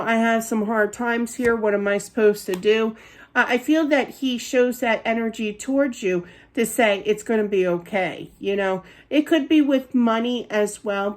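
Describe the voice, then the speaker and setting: Reassuring Philly-accented woman psychic. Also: on the high side. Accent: Philadelphia. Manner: rambling, reassuring, peppered with "okay?" and "you know". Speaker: psychic card reader. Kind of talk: spiritual reading monologue.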